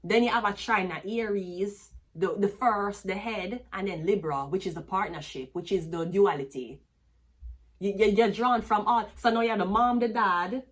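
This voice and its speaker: A woman's voice: mid-range voice, normal speed. A woman with a Jamaican accent, a tarot reader talking to camera in a rambling, casual monologue full of restarts.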